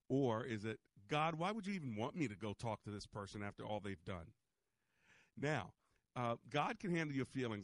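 A man hosting a radio call-in show, chatty and lively with quick restarts and chuckles. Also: lowish voice, no room sound. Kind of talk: casual call-in talk.

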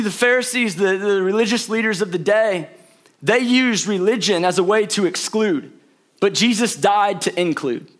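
A young man with a very high voice delivers a sermon. He tells the story in a casual, animated way and jumps into the characters' voices as he goes. His pitch sits far above most men's. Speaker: pastor.

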